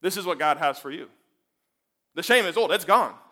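A man preaching a sermon, emphatic and full of rhetorical questions, dropping to a hush and then building back up. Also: sits high, lively intonation, normal speed.

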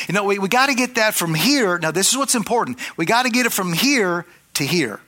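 A middle-aged male preacher with a high, bright voice. He tells his story in a loose, chatty way, full of restarts and asides to the people listening. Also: a little fast, few pauses. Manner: rambling, conversational, with many restarts and asides to the congregation. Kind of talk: storytelling sermon.

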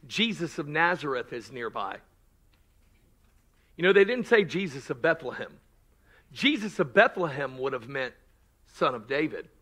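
A man preaching a sermon as pastor, swinging from shouted, drawn-out lines to quiet joking asides. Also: fairly high pitch.

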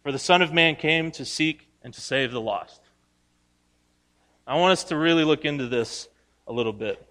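Male pastor, sermon, conversational, bright forceful tone, acts out story voices, long hall reverb. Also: fairly high pitch, moderate pace, long pauses. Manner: conversational, asks the congregation questions.

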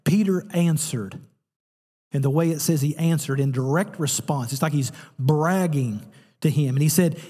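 A man preaching a sermon as pastor, telling a story with animated, lively delivery. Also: on the high side, normal speed, breathy edge, long reverb tail.

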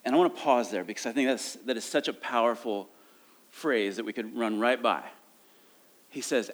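A man's voice: mid-range voice, moderate pace, long pauses. A middle-aged man preaching a sermon in an easygoing, conversational tone. He drifts from careful scripture reading into casual asides and self-aware dad jokes, and his voice rises and falls with emotion. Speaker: pastor.

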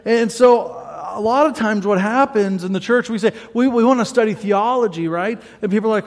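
High-voiced pastor in a reverberant church. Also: male voice, normal speed. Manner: conversational, often asks "right?" and acts out listeners' voices. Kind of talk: sermon.

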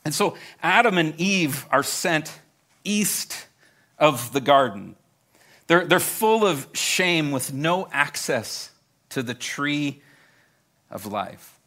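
Bright, lively-voiced male preacher. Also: on the high side, takes it slowly. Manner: conversational, repeats words when starting a thought; addresses a live congregation directly. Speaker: pastor. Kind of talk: sermon.

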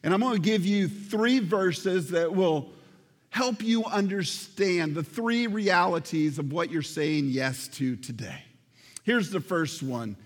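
A man's voice: high-pitched, lively intonation, slow pace, in a large hall. A man preaching a sermon as pastor, earnest and addressing the congregation directly, repeating words for emphasis. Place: church sanctuary.

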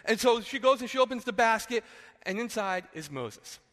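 A man preaching a sermon as a pastor, retelling a story in an animated way and acting out the characters. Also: extremely high pitch, moderate pace, big-room sound. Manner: animated, acts out characters, asks "right?". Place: church sanctuary.

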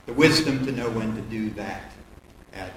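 Man on a church panel, deliberate and thoughtful, roomy echo with faint ambience behind. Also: fairly low pitch, a little hiss or hum. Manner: slow, reflective, measured. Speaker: panelist father. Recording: very echoey hall with faint ambience.

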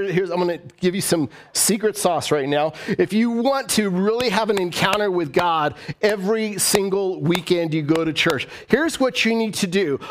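A man preaching a conversational sermon, animated and full of rhetorical questions, often repeating his phrases for emphasis. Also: high-pitched. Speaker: pastor.

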